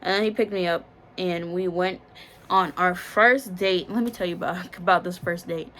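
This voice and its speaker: A woman's voice: lowish voice, steady tone, normal speed, fairly bright tone. A young woman from the Bahamas, telling a candid, slangy storytime about a past relationship. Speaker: vlogger. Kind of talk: storytime vlog.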